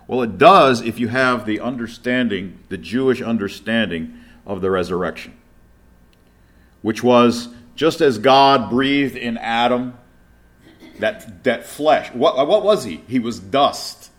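A man's voice: medium pitch, expressive, measured pace, a bit bright. A middle-aged man preaching a sermon, reading scripture aloud with emphasis and asking rhetorical questions.

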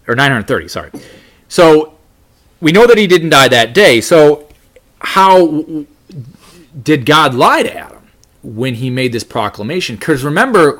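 A man's voice: medium pitch, fairly bright tone. A man teaching a Bible study lesson, reading scripture aloud and talking it through with many restarts. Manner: reads scripture aloud, frequent restarts and fillers.

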